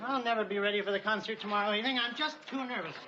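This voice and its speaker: A man plays a shy, jittery musician who stammers and keeps breaking into nervous giggles. The audio is muffled old TV sound, with a loud laugh track and steady hiss behind him. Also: high voice, rapid-fire, a loud crowd, close to an everyday voice. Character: nervous, timid male musician. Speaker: sitcom character. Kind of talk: sitcom acting.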